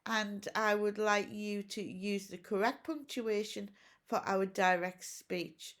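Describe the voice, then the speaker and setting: A woman's voice: mid-range voice, steady tone, slow pace, a bit bright. A woman teacher giving a recorded home-learning lesson, explaining each step patiently and asking questions as she goes. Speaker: primary school teacher.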